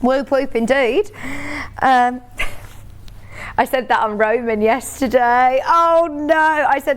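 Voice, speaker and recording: A woman's voice: high voice, slow, long pauses, clean tone. Bubbly, chatty woman selling fabric on TV. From United Kingdom. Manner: chatty and bubbly, laughs often. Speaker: shopping channel presenter. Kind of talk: live TV sales pitch.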